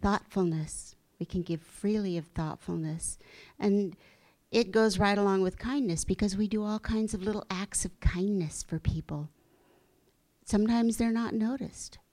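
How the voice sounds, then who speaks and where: A middle-aged woman giving a gentle, reflective spiritual talk, slow at times and sometimes dropping to a soft, breathy hush. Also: mid-range voice, fairly even intonation. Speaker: spiritual teacher.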